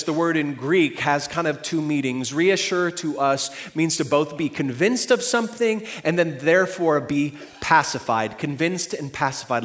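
A young adult male pastor delivering a sermon in a high voice. He talks in a conversational, joking way, then drops to soft, hushed reassurance before rising again into loud, emphatic stretches.

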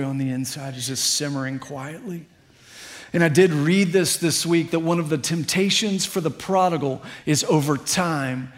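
Earnest male pastor preaching. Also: on the high side. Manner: earnest, building to fervent appeals. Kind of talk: sermon.

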